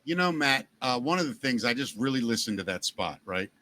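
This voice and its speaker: A middle-aged man with a Baltimore accent hosting a podcast, chatting casually and telling jokey, animated stories. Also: medium pitch, brisk, over music. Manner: joking, animated storyteller. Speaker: podcast host. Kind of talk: casual chat.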